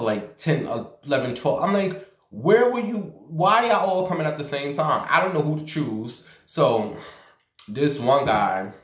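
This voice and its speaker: A man's voice: mid-range voice, a bit bright. A man vlogging casually from a basement room at home, telling a gossipy story and acting out the voices of the people in it. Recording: roomy echo.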